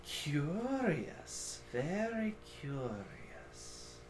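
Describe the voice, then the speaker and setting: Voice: mid-range voice, very animated, background noise. A game master voicing an ancient dragon brood mother. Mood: solemn. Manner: slow, hushed, deliberate speech. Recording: echoey room.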